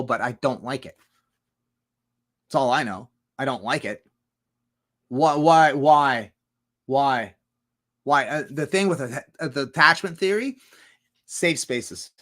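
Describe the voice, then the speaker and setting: A man's voice: fairly high pitch, measured pace, long pauses, a bit bright. A man rambling through a livestream monologue, swearing a lot and firing off rhetorical questions. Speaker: streamer.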